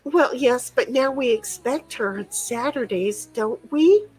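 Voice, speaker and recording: A woman's voice: high-pitched, animated, slow pace, a little mellow, breathy edge, low-quality recording. A woman hosting a game stream in casual chat, rambling and playful, laughing and swearing freely. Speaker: streamer host.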